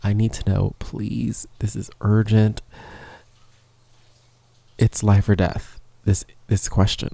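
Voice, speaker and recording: A man's voice: fairly low pitch, little pitch movement, slow, gravelly, long pauses, warm tone, no echo. A man hosting a podcast, talking in a loose, rambling and self-mocking way, sometimes dropping to a whisper, close on a studio microphone in a small studio. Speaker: podcast host. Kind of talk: casual rambling monologue. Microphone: professional studio microphone, close.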